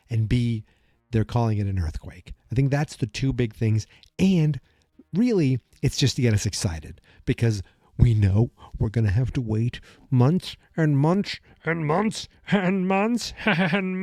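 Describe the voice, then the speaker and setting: Male solo podcaster, rambling and speculative, with a mellow tone and faint music underneath. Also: mid-range voice, no echo, clean studio sound. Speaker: podcast host. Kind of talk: casual solo podcast commentary.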